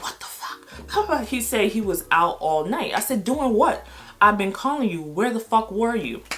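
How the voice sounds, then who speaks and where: A woman's voice: fairly low pitch, bright, forceful tone. A middle-aged woman vlogger telling a personal story in a casual, candid way, blunt and swearing freely.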